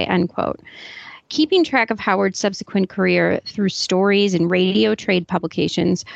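A woman co-hosting a podcast who speaks in a skeptical, measured way and reads book passages aloud. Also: mid-range voice, creaky, no room sound. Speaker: podcast co-host. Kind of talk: casual chat and reading book passages aloud. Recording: slightly dull, dry sound.

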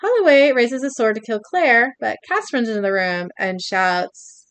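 A woman's voice: fairly high pitch, animated, unhurried, fairly bright tone, no room sound. A young woman co-hosting a podcast, reading scenes out in a casual recap and often laughing and breaking off. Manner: narrates scenes, laughs and breaks off mid-read. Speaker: podcast co-host recapping an episode.

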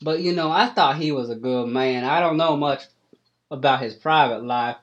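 A man voicing a crude, gossipy old farmer with a put-on Southern hillbilly drawl, loud and folksy, for a tabletop game. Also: mid-range voice, normal speed, lo-fi sound, lightly acted. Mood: rambling.

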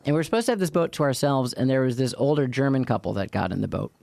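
A man's voice: medium pitch, lively intonation, very fast, vocal fry, darkish tone, no room sound. A man co-hosts a casual chat and tells stories with dry humor, often at his own expense. His voice sits in the middle of the male range. The recording is close and dry. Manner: dry, self-deprecating humor. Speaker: podcast co-host.

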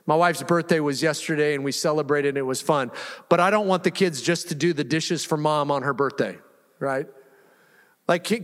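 High-voiced male pastor in a reverberant hall. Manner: conversational, humorous storytelling preacher. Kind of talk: sermon. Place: church sanctuary. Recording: live church hall reverb.

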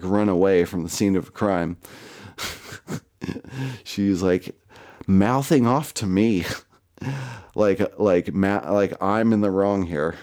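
A man's voice: lowish voice, a little mellow. A man hosting a podcast, telling a story casually, swearing often and laughing as he goes. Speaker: podcast host.

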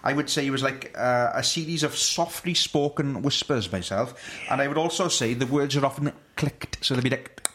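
A man's voice: medium pitch, moderate pace, hardly any pauses, fairly bright tone, slight background noise. A man hosting a casual comedy chat, explaining at length with restarts and frequent laughter.

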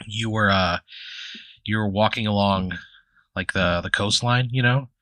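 A man's voice: on the low side, expressive, slow pace, pushed and bright, dry recording. A man hosting a comedy podcast, improvising a long hypothetical story in a rambling, profane way full of fillers and restarts.

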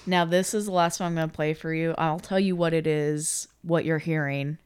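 Woman, very low voice, smooth, calm, matter-of-fact co-host. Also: moderate pace. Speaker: podcast co-host. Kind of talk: casual chat.

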